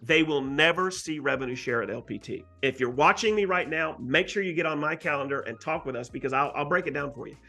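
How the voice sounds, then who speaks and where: An emphatic man recounts his experience as an interview guest, talking animatedly. His voice is bright and a little higher than usual for a man. Soft music plays underneath. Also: fast talker, few pauses. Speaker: guest real estate agent. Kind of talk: storytelling interview answer.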